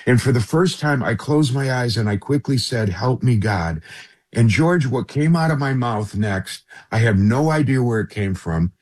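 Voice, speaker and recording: A middle-aged man with a husky, slightly rough voice recounts a personal story as a radio interview guest. He speaks earnestly and keeps turning to the host by name as he goes. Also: mid-range voice, animated, moderate pace, darkish tone.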